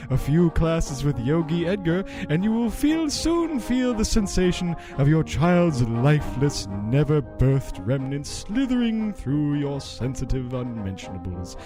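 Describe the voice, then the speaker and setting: A man voicing a pompous ad announcer with a florid, mock-grand delivery for a comedy fake sponsor read. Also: fairly high pitch. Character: pompous male ad announcer for a baby coffin seller.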